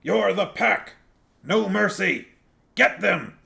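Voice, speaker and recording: Guy voicing a shrill paranoid poodle gang boss, high and shouty, slow creaky delivery. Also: lively intonation, exaggerated voice. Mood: furious. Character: fanatical male poodle gang leader.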